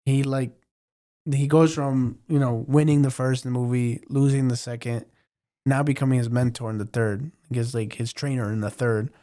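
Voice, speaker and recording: Young dude on a podcast, gets animated acting out scenes, mid pitch voice. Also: male voice, normal speed. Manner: animated storyteller, acts out scenes. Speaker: podcast co-host. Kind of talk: casual chat.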